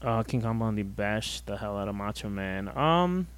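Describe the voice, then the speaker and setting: A man co-hosting a casual wrestling podcast, talking in a laid-back, matter-of-fact way with frequent pauses and fillers. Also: lowish voice, lively intonation, clear, resonant tone. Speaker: podcast co-host.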